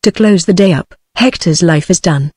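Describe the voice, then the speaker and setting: Proud ruthless greek warrior in a stage play, synthetic british woman reading him, flat, dry. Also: on the low side, moderate pace, breathy edge, no echo. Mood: triumphant.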